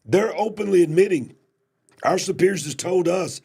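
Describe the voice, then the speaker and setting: Male host, raspy and gravelly, emphatic commentary, nursing a cough. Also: high-pitched, normal speed. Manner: emphatic, builds to shouted questions. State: coughing, cough drops in mouth. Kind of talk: casual political commentary.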